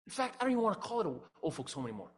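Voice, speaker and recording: Man, middle-aged, husky, a bit high, humorous storyteller, acts out voices. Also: very fast. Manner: animated, acts out dialogue with big pitch jumps. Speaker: speaker and singer.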